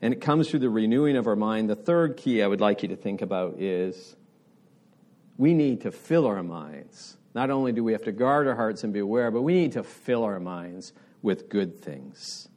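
Middle-aged male pastor, earnest conversational sermon, animated pitch. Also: normal speed. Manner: earnest, conversational preaching with rising emphasis.

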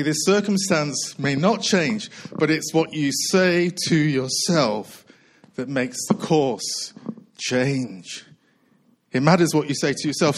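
A middle-aged male pastor preaching a sermon, a little out of breath, repeating key lines and slowing down hard to stress them. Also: fairly high pitch, a little hiss or hum, poor audio. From United Kingdom. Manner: earnest preaching with repetition and slow emphatic phrases.

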